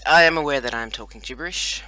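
This Australian let's player, roughly forty, talks fast in a sharp, somewhat high voice. He chats playfully and mocks himself throughout his casual gameplay commentary.

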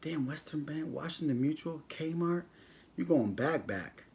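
A man's voice: on the high side, expressive, unhurried, darkish tone, slight background noise. Joking man chatting on a livestream. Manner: joking, banters with chat, reads out viewer names. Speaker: mukbang vlogger on a livestream. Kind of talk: casual live-stream chat with viewers.

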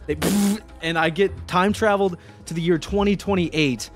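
A young man streaming a game, telling a long story in a rambling, excitable way with sudden shouts. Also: sits high, moderate pace, soft background music. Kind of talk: casual gaming stream chat.

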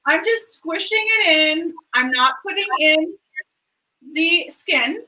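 A woman with a high, bright, ringing voice hosts a cooking show from her home kitchen. She rambles cheerfully and gushes over the ingredients as she cooks and talks. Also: animated, slow pace, poor audio. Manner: chatty, rambling, enthusiastic about food. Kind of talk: casual cooking chat.

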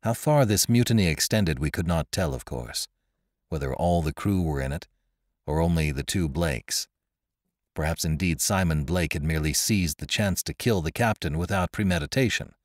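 A man reading an adventure story aloud as narrator, with expressive, dramatic delivery. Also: rumbling low, dry recording, studio quality. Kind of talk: scripted narration.

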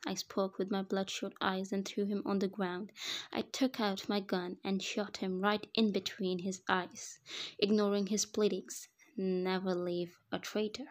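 A woman narrating a first-person fan fiction story in a flat, even reading voice. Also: mid-range voice, measured pace.

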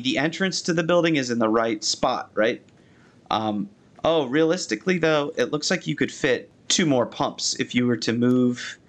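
Young guy doing casual live game commentary, mid pitch, rambly and excitable, yelps when startled. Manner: chatty and excitable, with frequent restarts and sudden high exclamations. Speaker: architecture critic playing a video game.

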